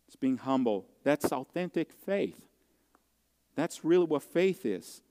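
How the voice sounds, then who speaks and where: A male pastor delivers a sermon in a slightly raised, smooth and resonant voice. He speaks earnestly, often circling back and restarting his sentences. His words ring out with a long reverb in a large hall. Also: on the high side, animated, dark tone. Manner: earnest, heartfelt storytelling with halting restarts.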